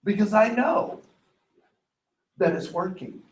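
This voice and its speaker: A man's voice: sits high, slow pace, rough recording. A man leading a training workshop, telling stories with acted-out voices and putting questions to the room. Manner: animated storyteller acting out voices, asks the audience questions. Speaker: diversity trainer. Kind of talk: workshop lecture.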